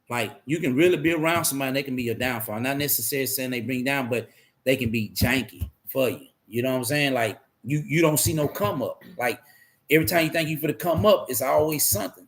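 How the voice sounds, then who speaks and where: A man candidly telling his life story in a rambling, profane way, repeating himself as he goes. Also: mid-range voice.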